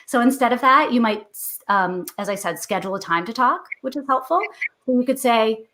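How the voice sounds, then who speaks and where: A woman's voice: fairly high pitch, a little fast, sharp tone. A middle-aged woman, a guest author, explaining parenting advice in a chatty interview, acting out what parents and kids say. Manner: chatty and explanatory, acts out parent and kid lines.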